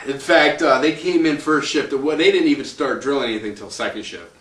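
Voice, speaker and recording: A landowner telling a long personal story in a casual, rambling way, chuckling and acting out what other people said. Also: male voice, medium pitch, normal speed, fairly bright tone. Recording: roomy echo, distant mic, faint noise.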